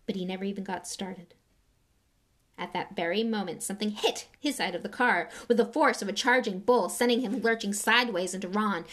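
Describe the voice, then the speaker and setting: Woman reading a story aloud dramatically. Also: mid-range voice. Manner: dramatic, drops to whispers at tense moments. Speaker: narrator. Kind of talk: audiobook reading.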